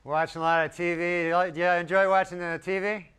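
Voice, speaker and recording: A man doing a stand-up comedy set in a deadpan, rambling way with long asides. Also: high voice, quick pace, clear, resonant tone. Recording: live club recording with crowd laughter and noise. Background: audience laughing.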